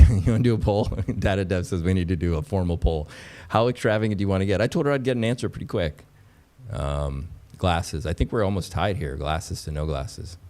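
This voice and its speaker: A man hosting a casual livestream, talking straight to his chat, excitable and repeating himself. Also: deep voice. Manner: excitable, repeats phrases, talks to chat as "pups". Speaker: livestream host.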